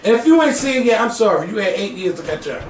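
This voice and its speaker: A man co-hosting a casual chat, talking in an animated, excitable, profane way. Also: high voice, quick pace. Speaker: podcast co-host. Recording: echoey room, voice from a distance, faint noise.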